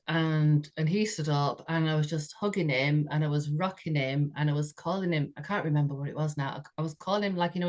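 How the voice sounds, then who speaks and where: A woman, a podcast co-host telling a personal story in a chatty way, often laughing and saying "you know". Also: low-pitched. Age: 60s.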